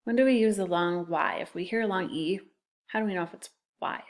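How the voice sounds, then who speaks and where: A woman's voice: fairly low pitch, fairly quick. A woman teacher giving a recorded phonics lesson to second graders, patiently sounding out words letter by letter.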